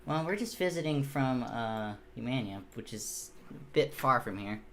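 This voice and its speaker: A man's voice: medium pitch, lively intonation, normal speed, fairly bright tone, a little hiss or hum. A man voicing a blunt young farm girl who is chatty, casual and a bit impatient with her brother, in a tabletop game.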